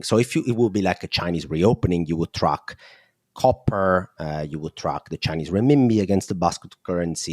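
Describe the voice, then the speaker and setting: A man's voice: deep voice, no room sound, studio quality. A man with an Italian accent, a guest analyst explaining markets in an interview, thinking aloud with fillers.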